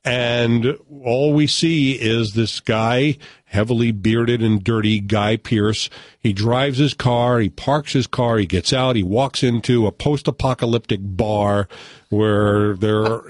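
A man hosting a radio chat, retelling and reviewing a movie in an animated, laughing way. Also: mid-range voice, a little slow, dry recording, clean studio sound. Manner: animated storyteller, laughs often. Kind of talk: casual chat.

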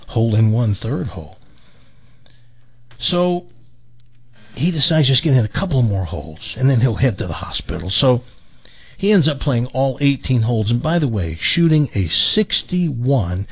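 Husky animated male radio storyteller. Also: mid-range voice. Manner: animated storyteller, acts out voices. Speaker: radio show host. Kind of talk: telling a joke on radio. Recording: dull lo-fi radio broadcast.

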